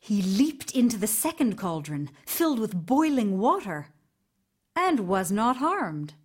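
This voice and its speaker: A woman reading a fairy tale aloud with slow, expressive narration. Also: medium pitch, slightly rough. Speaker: storyteller. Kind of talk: storybook read-aloud.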